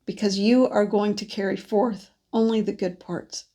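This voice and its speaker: Congested from allergies, a woman psychic card reader gives a gentle, wandering spiritual message, pausing and restarting a lot. Her voice is medium-pitched and steady.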